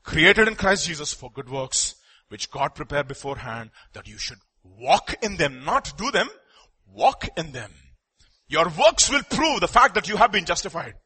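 A male preacher with a bright, somewhat high voice delivers a sermon. He reads scripture aloud and throws questions to the congregation. His delivery swings between ringing declarations and hushed, confiding asides. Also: very animated, normal speed, slightly rough.

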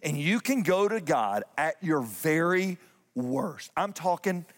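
A male pastor delivering a sermon in a church, driving points home with repeated refrains and shifting his pace between rushed and drawn-out. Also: sits high, big pitch swings, in a large hall. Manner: emphatic preaching with repeated refrains, speeding up and slowing down. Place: church sanctuary.

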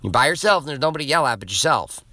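A middle-aged man hosting a podcast, telling a story in a blunt, profane, animated casual monologue. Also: mid-range voice, very fast, no echo. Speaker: podcast host.

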